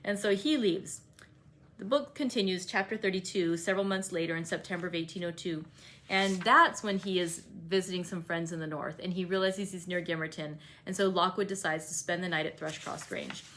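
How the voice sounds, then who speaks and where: A woman hosting an online read-aloud group, chatting casually as she recaps the plot and slips into quick quoted asides. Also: fairly low pitch, fairly bright tone. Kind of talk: casual book-club recap.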